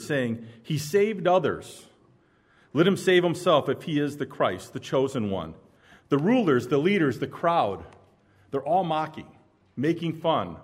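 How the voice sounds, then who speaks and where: A man preaching a sermon, dramatic, swinging between loud emphasis and hushed intensity. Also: fairly high pitch, breathy edge.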